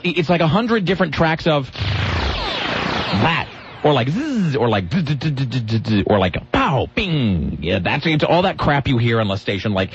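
Guy hosting a radio show, rambly and jokey, bouncy highish voice, kinda muffled broadcast sound. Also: breathy edge. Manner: rambling, joking, self-deprecating. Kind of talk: casual radio banter. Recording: dull lo-fi radio broadcast with faint music.

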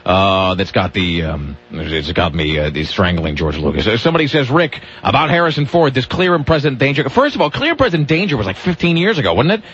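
A man's voice: mid-range voice, sing-song, fairly quick, few pauses, fairly bright tone, slightly rough. A man hosting a radio show, talking in a rambling way with restarts and grumpy rants. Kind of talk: casual radio banter. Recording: dull lo-fi radio broadcast.

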